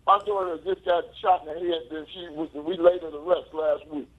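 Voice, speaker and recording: A man's voice: on the high side, steady tone, moderate pace. An angry, grieving man calling in to a talk show, repeating himself emphatically. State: grieving and upset. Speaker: caller. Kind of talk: call-in radio talk. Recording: tinny phone line.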